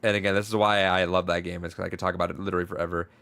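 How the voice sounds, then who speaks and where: A low-voiced man with a gravelly edge, rambling through a casual podcast story. He restarts his words often and swears easily. His voice stays smooth and resonant under the grit. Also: level tone, rapid-fire, fairly bright tone, dry recording. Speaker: podcast co-host. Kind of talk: casual chat.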